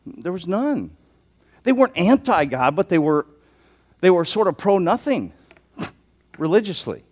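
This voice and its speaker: A man's voice: high voice, very animated, measured pace, a little mellow. A man preaching an expository sermon as a pastor, conversational and given to joking asides.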